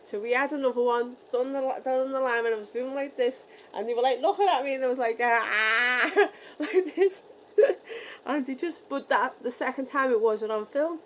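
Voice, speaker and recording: A young British woman from the UK telling a story in a casual vlog, acting out the dialogue with lively energy. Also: high-pitched, brisk, hardly any pauses, slight background noise, poor audio. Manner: animated, re-enacting dialogue. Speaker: vlogger.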